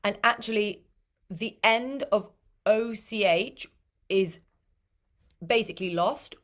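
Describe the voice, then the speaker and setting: A woman coaching singers on diction, taking her time and speaking unhurriedly. She repeats sounds over and over to demonstrate them, with a voice sitting at an ordinary middle pitch for a woman. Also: slow, long pauses. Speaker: choir pronunciation coach.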